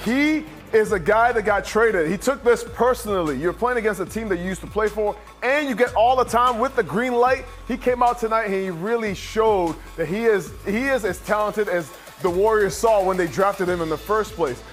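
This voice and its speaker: Man, former player analyst, high voice, casual postgame breakdown. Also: normal speed, hardly any pauses, soft background music.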